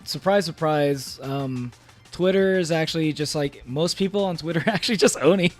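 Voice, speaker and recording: A man's voice: fairly high pitch, normal speed. A man streaming casually, reading aloud and reacting with playful, rambling jokes in character as a demon, full of fillers and restarts. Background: faint background music.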